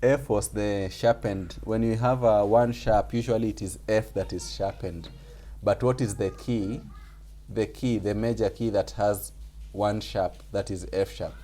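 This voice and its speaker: A man teaches music theory in an online class, speaking slowly and patiently. His voice is low and dark, and he repeats key points with small fillers. There is a faint hiss of noise behind him. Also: steady tone. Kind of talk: online group class lesson. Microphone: video call.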